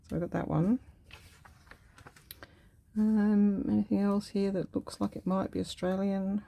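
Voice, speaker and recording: A woman vlogger chatting casually as she works on a craft project, thinking aloud in an unhurried way. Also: on the low side, creaky, warm tone. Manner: musing aloud while cutting and gluing, unhurried and chatty.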